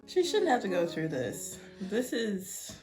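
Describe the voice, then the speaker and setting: A young woman reacting casually to a show, her voice expressive and full of emotional exclamations. She speaks at a middle pitch with faint music behind her. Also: takes it slowly. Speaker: reaction video host.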